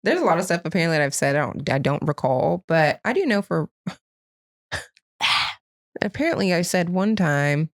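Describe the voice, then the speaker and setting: A young woman co-hosting a podcast from a couch, chatting casually and pausing often to search for her words. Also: low voice, lively intonation. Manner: hesitant, searching for words, with many fillers. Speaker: podcast co-host. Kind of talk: casual chat. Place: on a couch at home.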